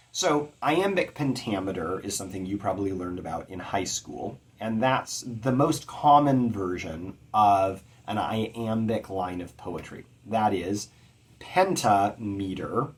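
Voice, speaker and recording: A man teaching poetic meter in a measured explanatory lecture, chanting rhythms to demonstrate them. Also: fairly low pitch. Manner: measured, with occasional fillers. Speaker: poetry teacher.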